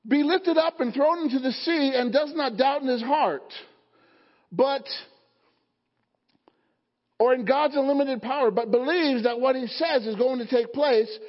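Male pastor, very high pitch, call-and-response sermon, dull lo-fi sound with lingering church echo. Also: measured pace, pauses often. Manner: call-and-response preaching, rising to fervent emphasis. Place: church sanctuary. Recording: dull sound, long hall reverb.

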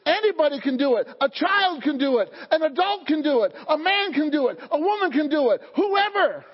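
High-voiced man preaching in a reverberant hall. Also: expressive, a little fast. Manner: call-and-response preaching, rising to fervent emphasis. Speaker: pastor. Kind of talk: sermon. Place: church sanctuary. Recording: dull sound, long hall reverb.

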